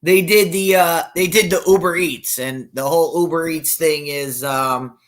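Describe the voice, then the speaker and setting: Rambling higher-voiced male co-host. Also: moderate pace, a bit bright. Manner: rambling, many restarts. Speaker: podcast co-host. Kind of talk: casual chat.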